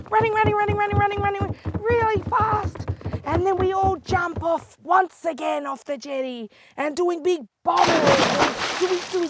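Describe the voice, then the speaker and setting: An older woman from South Australia with an Aboriginal Australian English accent, telling a story for children in a lively voice that moves from hushed to excited. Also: extremely high pitch, heavy background noise. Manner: lively, swings between hushed and excited calls.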